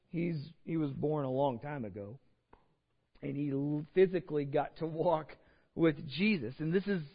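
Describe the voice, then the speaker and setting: Texan preacher guy, earnest, kinda high voice, long echo in a big church hall. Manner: earnest, repeats words while building points. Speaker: pastor. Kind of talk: sermon. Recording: dull audio with long hall reverb.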